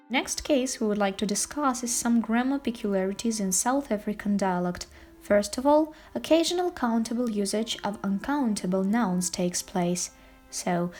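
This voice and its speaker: A woman's voice: medium pitch, a little mellow. A woman student reading a prepared class presentation in a careful, explanatory way.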